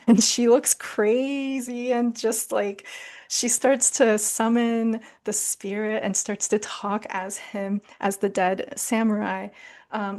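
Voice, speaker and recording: A woman's voice: fairly high pitch, a little mellow. A woman leading a casual book club discussion, summarizing a story in a chatty way with many fillers.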